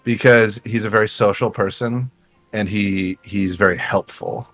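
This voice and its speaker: A man's voice: lowish voice, fairly even intonation, measured pace, a bit bright, soft background music. A man as a guest on a casual panel chat, rambling and chuckling.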